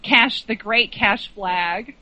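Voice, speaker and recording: A woman's voice: mid-range voice, slow, bright, forceful tone, dry recording, highs cut off. A woman guest in a casual film chat, enthusiastic and rambling with frequent restarts. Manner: enthusiastic, rambling, laughs often.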